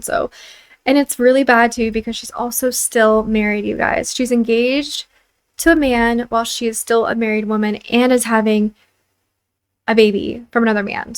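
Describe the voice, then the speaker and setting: A young woman chatting casually as she narrates a life-sim game for her channel, full of filler words. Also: on the high side. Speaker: let's play host.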